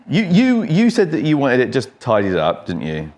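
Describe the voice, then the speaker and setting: Man, english accent, barber, casual joking chat, mid pitch, barbershop. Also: wildly swooping pitch, normal speed, a little mellow. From England. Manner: chatty, joking storyteller. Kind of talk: casual chat while cutting hair.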